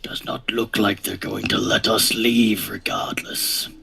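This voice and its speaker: A man's voice: lowish voice, completely flat delivery, brisk, dark tone, slight background noise, natural voice. A man playing an aloof bird-person archer. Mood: wary. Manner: curt, dismissive.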